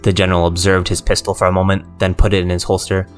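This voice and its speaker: Brief: deep male narrator for a horror tale, measured, soft music underneath. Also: completely flat delivery.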